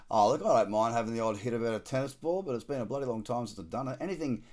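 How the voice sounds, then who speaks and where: An Australian man talks through trading charts on a live stream in a loose, chatty way. His voice sits at an ordinary middle pitch, and his delivery stays slangy and relaxed, with the odd dad joke. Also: rapid-fire. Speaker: trader hosting a live market scan. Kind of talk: casual live-stream commentary.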